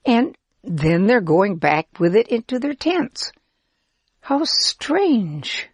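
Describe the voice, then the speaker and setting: A woman tells a children's Bible story in gentle pretend-play narration. Her delivery is slow and lilting, with wide swings in pitch. Her voice is soft and slightly breathy, recorded close and dry. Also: sing-song, no room sound.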